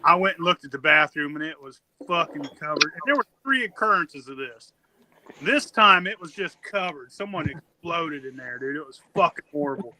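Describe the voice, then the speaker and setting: A man co-hosting a podcast, telling crude stories with animated, profane energy and acting out what people said. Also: on the high side, moderate pace. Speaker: podcast co-host. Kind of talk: casual storytelling.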